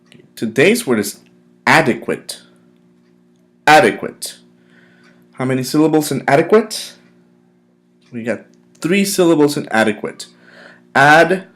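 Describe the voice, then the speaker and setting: A man teaching a recorded English vocabulary lesson, drilling pronunciation with clear, emphatic repetition. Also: on the high side, sing-song, moderate pace, long pauses.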